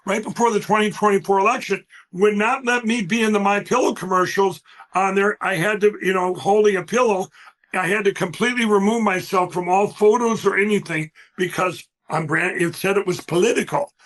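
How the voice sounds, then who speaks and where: Man with a high-pitched voice, guest on a talk show, rambling and emphatic, telling stories. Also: steady tone, brisk, fairly bright tone. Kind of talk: animated interview storytelling.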